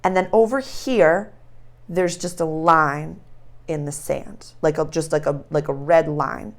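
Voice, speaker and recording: A woman hosting an astrology channel, talking in a casual, animated spiritual monologue and acting out little scenes. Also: sits low, a little slow. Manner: animated storytelling, acts out voices.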